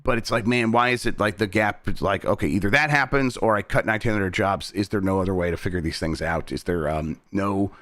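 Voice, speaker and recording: A man's voice: on the low side, a little fast, few pauses, fairly bright tone, no echo, clean studio sound. A man co-hosting a games news show, talking things through in a hesitant, thoughtful way with frequent restarts. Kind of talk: casual news discussion.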